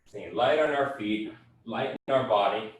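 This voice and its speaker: A man guides a group workout class in a steady, explanatory coaching voice. His voice sits fairly low. It comes from a distant mic in a very reverberant room. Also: unhurried. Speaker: fitness and breathwork instructor.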